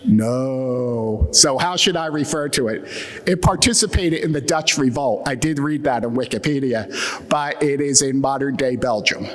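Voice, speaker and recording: A man's voice: fairly high pitch, moderate pace, fairly bright tone. An American man with an Atlantic Midland accent gives a conference talk with dry, self-deprecating humor. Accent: Atlantic Midland American English. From United States. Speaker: conference keynote speaker. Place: conference hall. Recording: long hall reverb.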